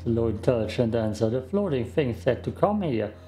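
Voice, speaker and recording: A man's voice: mid-range voice, sing-song, a little fast, over music. A man hosting a let's play, giving casual gaming commentary with joking, rambling asides to his viewers.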